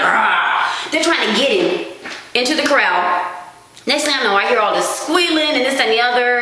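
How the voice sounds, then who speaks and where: A woman vlogging at home, chatting to camera in an animated, self-mocking way. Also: on the high side. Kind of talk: casual chat to camera. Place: small dim room at home. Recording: very echoey room.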